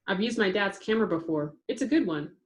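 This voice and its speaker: A woman's voice: medium pitch, animated, fast talker, natural voice. A woman reading an eager, friendly schoolgirl.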